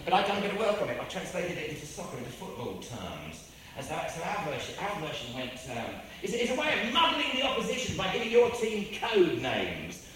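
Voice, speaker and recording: An Englishman with a fairly high voice tells anecdotes at a fairly quick clip, rambling animatedly, repeating himself and doing impressions. He's recorded on a distant mic in a very echoey room with ambient noise.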